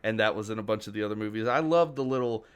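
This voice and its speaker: A man's voice: lowish voice, racing, clean tone. A young man co-hosting a podcast in casual chat, rambling and swearing, laughing often. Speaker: podcast co-host.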